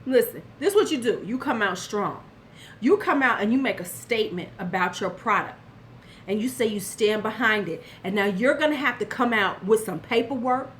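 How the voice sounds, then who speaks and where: A woman's voice: fairly high pitch, fairly bright tone, a little hiss or hum. An older woman vlogging casually about beauty, giving blunt, sassy advice straight to the viewer and answering chat now and then. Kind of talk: casual commentary vlog.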